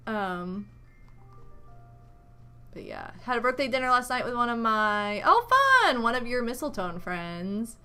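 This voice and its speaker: A woman streamer chats on in a bright, sharp-toned voice that sits a little high, rambling cheerfully to her viewers. She is talking around a dental retainer. Faint game music plays under her. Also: expressive, measured pace, clear, resonant tone. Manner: chatty and rambling, greeting viewers, upbeat. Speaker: streamer playing a video game. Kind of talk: casual live-stream chat.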